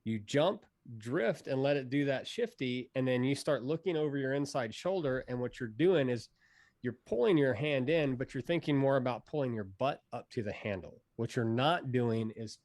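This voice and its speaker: A man talks through wakeboard tricks in a loose, rambling way, pausing on "uh" and "you know". His voice sits in a middle pitch. The recording is close and dry. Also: no room sound. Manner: relaxed, rambling, many fillers. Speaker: pro hydrofoil rider, guest. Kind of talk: casual instructional interview.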